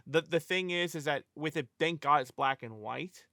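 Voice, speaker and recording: A man co-hosting a casual movie podcast, relaxed and joking about the film. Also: on the high side, normal speed, gravelly, no echo, studio quality. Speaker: podcast co-host. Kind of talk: casual chat.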